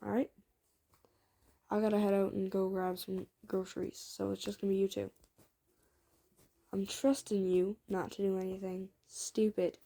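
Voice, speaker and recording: A woman voicing a gruff older uncle with a Southern accent, speaking in a teasing, protective, folksy drawl. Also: mid-range voice, flat delivery, moderate pace, pauses often, mellow.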